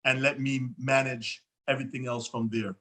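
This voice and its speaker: A man, a co-host from Jamaica, reflecting on leadership in a relaxed, drawn-out way during a casual interview. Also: medium pitch.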